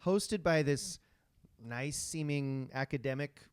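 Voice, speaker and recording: A man's voice: a little high, unhurried, clean tone, no room sound. A man co-hosting a casual comedy podcast, presenting the topic in a playful, joking way. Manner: playful, jokey, breaks into silly sung bits.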